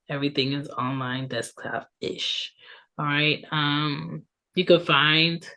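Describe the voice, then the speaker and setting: On her solo podcast, a woman in her thirties talks casually, dropping frequent ums and tag questions. Her low-sitting voice has a sharp tone and sounds congested from allergies.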